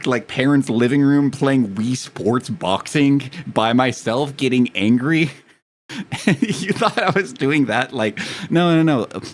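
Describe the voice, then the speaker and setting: A young man chatting casually with his live stream audience, telling rambling, profane, self-mocking stories. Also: medium pitch.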